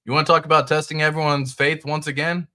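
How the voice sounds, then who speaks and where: A man's voice: a little high, level tone, fast, sharp tone. A man hosting a casual livestream, talking through crypto market charts and greeting viewers in the chat in a loose, chatty way. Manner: casual, loose, talks straight to viewers and reads chat aloud. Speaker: crypto channel host.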